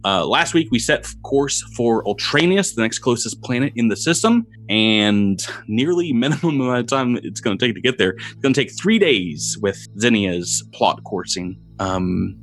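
A man narrating a tabletop game as game master, describing scenes with frequent pauses and repeated words. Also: medium pitch, animated, a bit bright, faint music behind. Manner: descriptive, halting with fillers and repeats.

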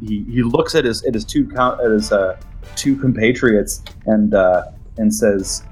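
A man's voice: on the low side, measured pace, a little mellow, soft background music. A man narrating as the game master of a tabletop role-playing game, speaking casually with many fillers and building drama.

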